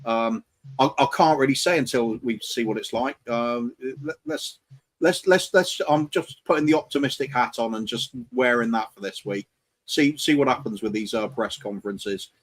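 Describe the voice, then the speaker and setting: A man's voice: medium pitch, normal speed. A man on a casual panel chat, speaking hesitantly with many fillers.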